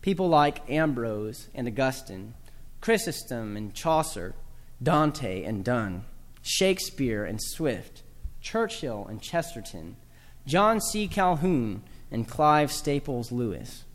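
A man's voice: medium pitch, very animated, takes it slowly, in a large hall. A man from the American South giving a talk to a live audience about teaching children proper speech, with dry humor and spoken examples.

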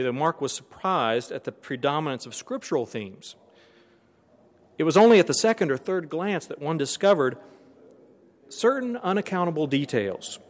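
Man lecturing in a reverberant hall. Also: a little high. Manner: earnest, reads quotations aloud, occasional restarts. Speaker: speaker on Christian education.

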